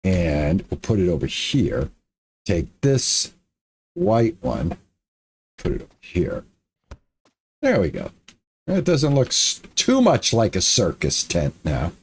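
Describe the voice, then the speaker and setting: Man, gaming streamer, slow and lively-pitched, chatty self-talk while he builds. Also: slight background noise. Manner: talks to himself while building, frustrated muttering and repeats. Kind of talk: casual let's-play commentary.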